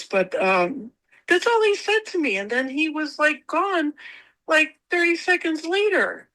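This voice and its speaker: A woman with a fairly high voice tells her own stories in a casual interview. She rambles and repeats words, and she acts out the things she said. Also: animated, measured pace, fairly bright tone, rough recording. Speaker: guest.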